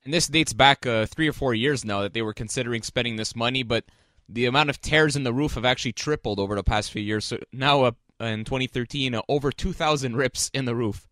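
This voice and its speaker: A man's voice: mid-range voice, fairly bright tone, no room sound, clean studio sound. A man co-hosting a sports radio show, giving facts in a matter-of-fact way. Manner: brisk, matter-of-fact, reports figures. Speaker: radio co-host. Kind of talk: sports talk radio chat. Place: radio studio.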